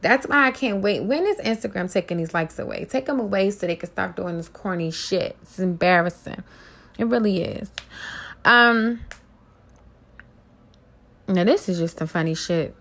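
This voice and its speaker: Brash, gravelly-voiced woman podcast host. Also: medium pitch, normal speed, pauses often, fairly bright tone. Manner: brash, profane, mocking. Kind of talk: casual gossip commentary.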